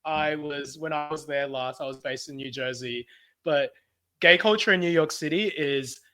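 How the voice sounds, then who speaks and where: A young Australian man co-hosting a podcast, telling stories in a giggly, animated way. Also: fairly high pitch, moderate pace. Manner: giggly, animated storytelling with frequent laughs. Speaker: podcast co-host. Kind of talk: casual chat.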